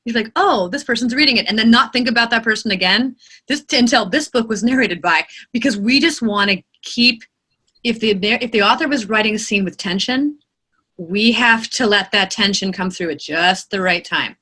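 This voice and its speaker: A woman who narrates audiobooks, answering interview questions in an expressive, animated way. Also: fairly high pitch, normal speed, husky.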